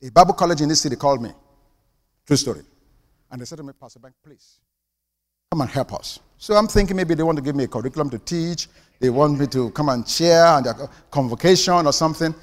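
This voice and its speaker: An older man preaching a sermon, telling stories and swinging from hushed asides to loud punchlines. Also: fairly high pitch, quick pace. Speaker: pastor. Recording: long hall reverb.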